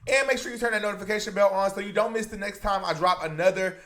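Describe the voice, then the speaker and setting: A man hosts a celebrity gossip commentary video, talking straight to his viewers. He is chatty and emphatic and keeps calling them "y'all." His voice sits high for a man. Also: fast talker, pushed and bright. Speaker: commentary YouTuber.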